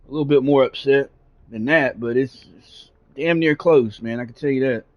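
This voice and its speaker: A man's voice: medium pitch, moderate pace. A man streaming a game who tells a long story in casual talk, rambling with lots of fillers and swearing. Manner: rambling, profane, frequent fillers. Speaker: gaming streamer. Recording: dull lo-fi sound.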